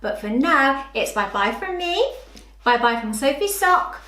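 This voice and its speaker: Female early years teacher, preschool phonics, very expressive and slow-paced, echoey room. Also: high-pitched. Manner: slow, sing-song and animated, talking to small children.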